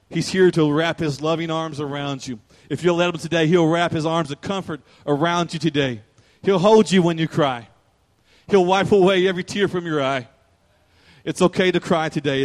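A man preaching a sermon as pastor, emotional and rising to fervent preaching. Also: fairly high pitch.

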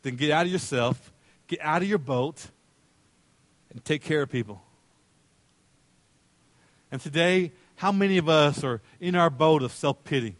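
Male pastor, dramatic sermon delivery, acts out voices, slightly higher pitch. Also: unhurried, pauses often, dry recording. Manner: swings from loud calls to hushed tenderness.

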